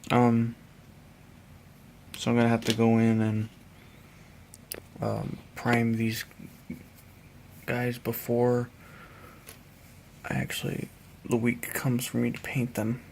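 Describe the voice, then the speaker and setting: A tired man narrating a casual hobby painting vlog, halting and rambling as he trails off mid-thought. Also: medium pitch, completely flat delivery, creaky, darkish tone, slight background noise. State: tired, yawning.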